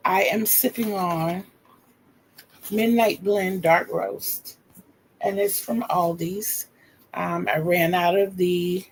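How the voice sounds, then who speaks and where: A woman's voice: fairly low pitch, a little hiss or hum, low-quality recording. An older woman in her sixties from North Carolina with a Southern accent, chatting casually and homey on her livestream as host.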